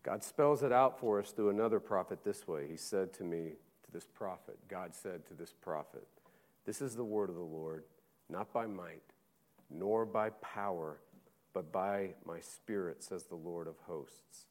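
A man, a pastor, preaching a sermon, swinging from loud urgent passages to hushed, slow scripture reading. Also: low-pitched.

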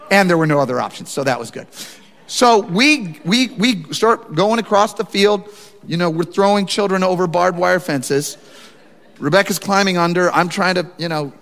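A man with a fairly high voice preaches a sermon in a church sanctuary. He tells a personal story with animated energy and often speaks directly to his listeners. His voice rings out with a long reverb from the big room. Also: moderate pace. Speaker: pastor.

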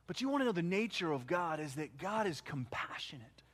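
Brief: male pastor, higher-pitched voice, dynamic sermon delivery, loud peaks and quiet drops. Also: very animated. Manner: swings from loud emphasis to hushed, slowed phrases.

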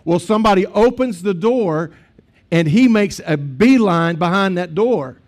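A man's voice: high voice, lively intonation, a little slow, darkish tone. A man, a pastor preaching a sermon in a conversational storytelling way with asides to the congregation.

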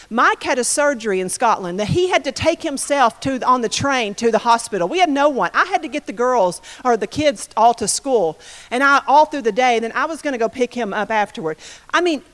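High-voiced woman preaching in an echoing hall. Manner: animated storytelling, acts out quotes. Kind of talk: sermon testimony. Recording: reverberant hall.

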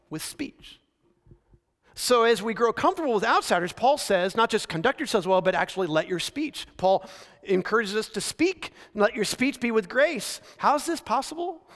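High-voiced male preacher in a reverberant hall. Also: fairly bright tone. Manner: conversational storytelling preaching with frequent slowdowns for emphasis. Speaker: pastor. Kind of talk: sermon. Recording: long reverb of a large hall.

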